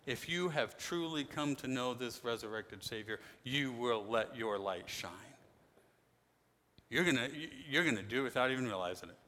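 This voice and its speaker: A man preaching a sermon as pastor, emphatic, swinging between loud declarations and quiet asides. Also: medium pitch, normal speed. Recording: long hall reverb.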